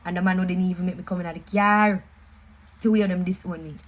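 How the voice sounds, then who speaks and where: A woman's voice: fairly low pitch, fairly quick, a little hiss or hum, low-quality recording. Jamaican woman telling her story. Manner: animated, emphatic, mixes patois and English. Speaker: vlogger. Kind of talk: casual storytelling.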